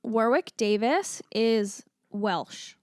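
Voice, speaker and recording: A woman's voice: fairly high pitch, expressive, darkish tone, no room sound, studio quality. A woman co-hosting a casual movie-review podcast, reacting and adding film trivia. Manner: slow, reactive, trivia-minded. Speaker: podcast co-host.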